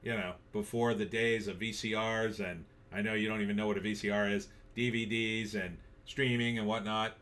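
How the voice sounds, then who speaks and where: A man's voice: fairly low pitch, flat delivery, moderate pace, hardly any pauses, fairly bright tone. A middle-aged man hosting a casual live stream, reading viewer comments aloud and riffing on them in a wry, offhand way.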